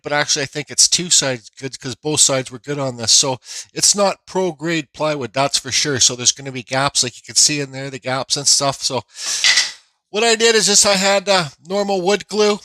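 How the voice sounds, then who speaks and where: A bright, somewhat high-voiced man rambles casually through his workshop vlog, full of fillers and restarts. He says he feels unwell, and his voice is recorded close and dry with no room sound. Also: dry recording, low-quality recording. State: feeling unwell. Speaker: woodcarving channel host.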